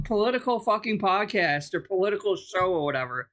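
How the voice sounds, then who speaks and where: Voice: mid-range voice, normal speed, hardly any pauses, a bit bright. A reaction-channel host giving casual, exasperated, sarcastic commentary with heavy swearing.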